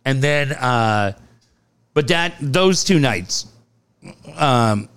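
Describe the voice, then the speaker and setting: A man's voice: medium pitch, extremely slow, clear, resonant tone. A man co-hosting a casual podcast, telling stories with lots of laughter and swearing. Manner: animated storytelling, laughs often, swears freely. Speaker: co-host.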